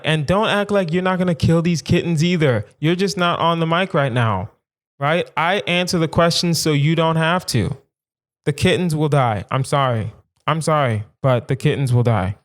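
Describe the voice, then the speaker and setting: Speaking at normal speed in a slightly high voice, this young man runs a solo comedy podcast. His riffs are animated and emphatic, with lines repeated for effect.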